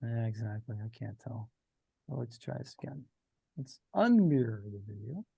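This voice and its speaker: A man's voice: mid-range voice, very animated, moderate pace, creaky, mellow, husky, no room sound. Man as game master, video call, rambling and self-correcting, dry sound. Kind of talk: narrating a tabletop game.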